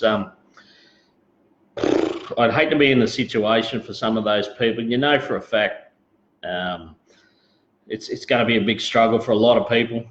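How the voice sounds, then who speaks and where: Australian male host, laid-back and rambling, casual live-stream chat, roomy lo-fi sound. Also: lowish voice. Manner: rambling, laid-back, greets viewers, frequent fillers.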